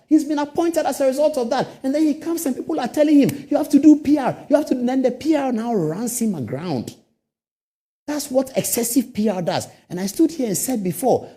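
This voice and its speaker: A man's voice: sits high, mellow. A middle-aged man with a Ghanaian English accent, a TV host delivering an emphatic, repetitive political commentary monologue.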